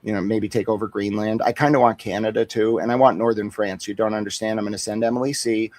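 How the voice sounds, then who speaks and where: A man's voice: fairly low pitch, steady tone, fast talker, a little mellow, no echo. A man on a boxing talk stream, joking and boasting in profane, rambling riffs. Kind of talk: casual livestream banter.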